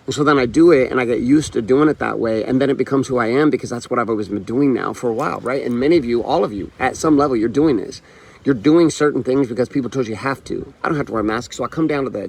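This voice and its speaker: Fast-talking gravelly man, blunt and profane. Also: mid-range voice, a little mellow. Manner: blunt, profane, repetitive hammering; tells stories with quoted back-and-forth. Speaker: motivational show host. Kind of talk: motivational monologue.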